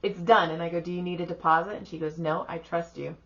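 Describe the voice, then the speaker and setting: A woman's voice: fairly low pitch, quick pace, muffled recording, soft background music. A middle-aged woman co-hosting a podcast, chatting casually and acting out the people in her stories, swearing freely. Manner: animated storyteller, acts out quoted voices, swears freely. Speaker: podcast co-host. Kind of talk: casual chat.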